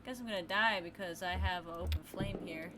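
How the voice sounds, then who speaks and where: A woman streaming a video game in casual chat, playful and excitable, breaking into loud exclamations and reading game text aloud. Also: on the low side, a little fast, noisy background.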